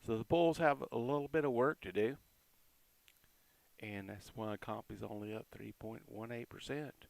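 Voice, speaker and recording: Going through crypto price charts, a man with a gravelly, medium-pitched voice offers casual, chatty commentary, calling out support and resistance levels and tossing in quick asides.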